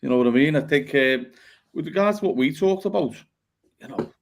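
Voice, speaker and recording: A man's voice: a little high, expressive, fairly quick, creaky. A man, a guest panelist on a casual football chat, talking analytically and leaning on tag questions.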